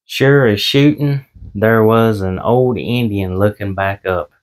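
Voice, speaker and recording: Slow-talking folksy man. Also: on the low side. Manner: folksy, slow, self-deprecating. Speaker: eBay reseller and vlogger. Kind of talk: casual vlog chat with corny jokes. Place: small home office.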